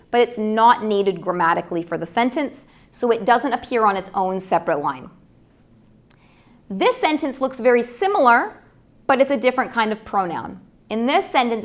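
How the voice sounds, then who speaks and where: Woman, teacher, grammar lesson, patient, explanatory, middle pitch.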